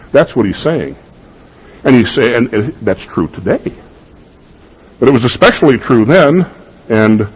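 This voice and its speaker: A man's voice: mid-range voice, slightly rough, lo-fi sound. A man preaching a sermon, emphatic and given to repeating key phrases for weight.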